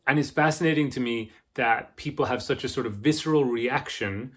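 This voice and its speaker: A man from Britain giving casual video-essay commentary as a book vlogger, chatty and excitable with frequent restarts. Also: medium pitch, fairly quick.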